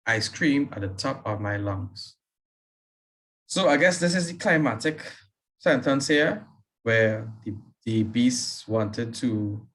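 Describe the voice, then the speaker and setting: A man teaching, reading a student's story aloud with deliberate pauses and stopping to give writing feedback. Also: on the low side, a bit bright, poor audio. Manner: reads slowly with deliberate pauses, then comments briskly.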